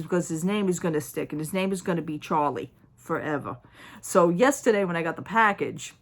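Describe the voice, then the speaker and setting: Chatty low-voiced woman showing a haul. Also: a bit bright. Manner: chatty, rambling, with frequent restarts and fillers. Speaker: haul vlogger. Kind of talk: casual show-and-tell chat.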